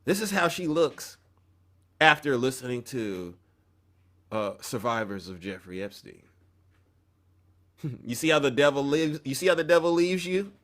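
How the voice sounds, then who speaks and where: A man's voice: mid-range voice, very animated, a little slow, long pauses, fairly bright tone. A man hosting an opinion commentary show, talking emphatically in a preachy tone and often breaking off mid-sentence. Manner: emphatic, preachy, self-interrupting.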